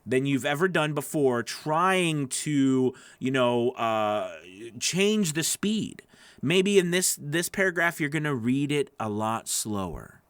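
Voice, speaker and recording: A man with a slightly higher voice gives a relaxed lesson on narration. He acts out sample lines with his voice swinging up and down, filling his speech with restarts and "you know." The recording is dry and close. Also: no echo. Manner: animated, demonstrates readings, many fillers and restarts. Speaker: voice-over coach. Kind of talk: teaching talk to camera.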